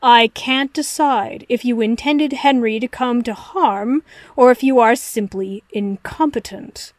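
Lady reading snappy know-it-all detective guy, kinda high, dry sound. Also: normal speed, a little mellow, no echo, close to an everyday voice. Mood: lecturing. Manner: crisp, lecturing, dismissive. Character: brilliant arrogant male detective, cutting and theatrical. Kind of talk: audiobook reading of fan fiction.

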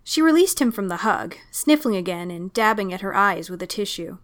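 A woman narrating a story aloud in a steady, expressive storytelling manner. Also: mid-range voice, a little fast, few pauses. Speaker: reader. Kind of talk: audiobook fan fiction reading.

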